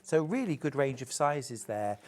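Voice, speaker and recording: A man's voice: medium pitch, very animated, measured pace, a little mellow, a little hiss or hum. A man presenting a live shopping show, chatting and joking as he gushes over fabrics. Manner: chatty, gushing, jokey. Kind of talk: live sales chat.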